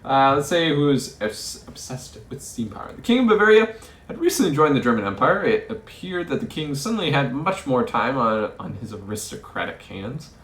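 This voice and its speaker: A man's voice: mid-range voice, sing-song, moderate pace, fairly bright tone, echoey room. A man playing a story game, reading its text aloud and musing over his choices, often stumbling over words. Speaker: let's play host.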